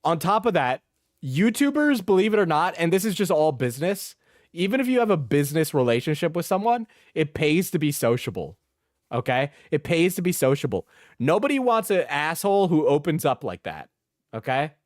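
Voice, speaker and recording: A man's voice: on the high side, sing-song, brisk, no echo. Male streamer, blunt, profane, repeats himself, dry close sound. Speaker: streamer reacting to a clip. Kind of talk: casual reaction commentary.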